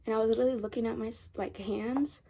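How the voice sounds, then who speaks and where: A teenage girl tells a long story in a casual, rambling vlog from her bedroom late at night, circling back over the same points. Her voice is a little husky and mellow, sitting slightly high for a woman. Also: fairly even intonation, fast. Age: teens. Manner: chatty, rambling, repeats herself. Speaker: vlogger.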